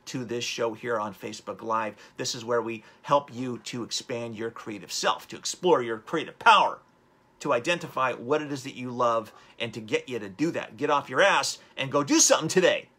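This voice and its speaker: A man's voice: mid-range voice, normal speed, pushed and bright. A man hosting a live-streamed motivational talk, upbeat and rambling as he urges viewers on. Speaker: host.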